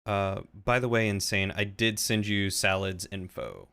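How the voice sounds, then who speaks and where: A man's voice: lowish voice, steady tone, a little slow, creaky, bright, forceful tone, a little hiss or hum. A man chatting casually on a stream with a friend in a friendly, joking way. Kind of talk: casual chat.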